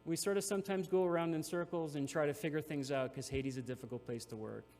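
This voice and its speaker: A man's voice: a little high, fairly even intonation, fast, a little mellow. A man, a nonprofit CEO, giving an earnest, emotional conference speech with frequent restarts. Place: large hall. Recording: reverberant hall with faint hum.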